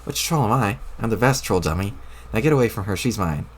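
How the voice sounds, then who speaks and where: A man's voice: on the low side, animated, a little fast. A man voicing a brash punning sea troll girl. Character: bubbly, aggressive female sea troll girl. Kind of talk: reading a webcomic aloud.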